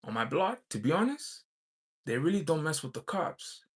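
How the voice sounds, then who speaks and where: A man's voice: a little high, sing-song, moderate pace, breathy edge. A man vlogging, telling a personal story in a rambling, casual way, with many fillers and restarts.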